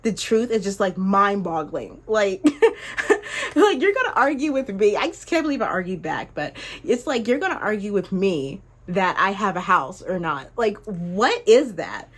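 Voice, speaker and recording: Animated young woman telling a story. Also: unhurried, husky. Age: young adult. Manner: animated, exclamatory, jumps high in pitch when incredulous. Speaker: vlogger. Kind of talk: casual storytelling vlog.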